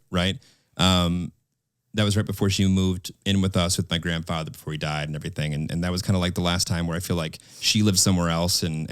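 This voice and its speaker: A man co-hosting a podcast, telling a personal story in casual chat with an earnest, halting manner. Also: low-pitched, dry recording, clean studio sound. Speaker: podcast co-host.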